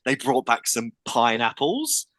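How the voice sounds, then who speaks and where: Laughing man with very lively pitch. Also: unhurried, no room sound. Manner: laughing, teasing banter. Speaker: podcast co-host. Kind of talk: casual chat.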